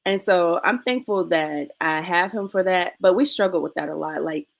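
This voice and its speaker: A woman's voice: fairly low pitch, normal speed, gravelly. A woman in her thirties, a podcast guest, speaking earnestly and reflectively. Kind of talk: casual podcast chat.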